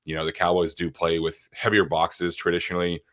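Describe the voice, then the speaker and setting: A man hosting a casual sports podcast, sick and speaking with a nasal voice, relaxed and full of fillers. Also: deep voice, a little fast. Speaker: podcast host.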